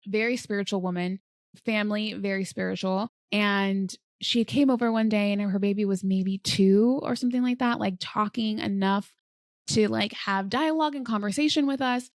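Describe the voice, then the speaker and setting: Woman, podcast host, casual earnest chat, filler-heavy, mid pitch, dry sound. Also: normal speed, no echo. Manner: chatty, frequent "like" fillers, earnest. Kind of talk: casual solo podcast talk on manifesting.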